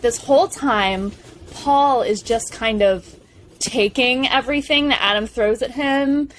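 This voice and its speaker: A young woman co-hosting a podcast, eagerly retelling film scenes in a gushing, animated way. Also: on the high side, a little slow, a little hiss or hum. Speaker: podcast co-host. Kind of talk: casual film discussion chat.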